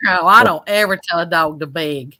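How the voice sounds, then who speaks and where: A woman's voice: lowish voice, moderate pace, bright, forceful tone, no echo. A woman chatting casually as co-host, teasing and laughing easily. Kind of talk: casual live chat.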